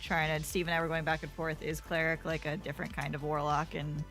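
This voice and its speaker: A woman's voice: low-pitched, completely flat delivery, a little fast, a bit bright, faint music behind. A woman chatting casually on a tabletop gaming podcast, dropping many "like" asides as she talks. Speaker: tabletop game player.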